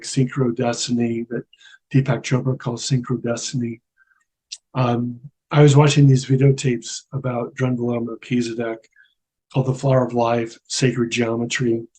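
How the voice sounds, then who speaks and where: A middle-aged man telling a personal spiritual story in a casual, animated way, acting out the voices he quotes. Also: mid-range voice, husky. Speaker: guest telling his near-death story.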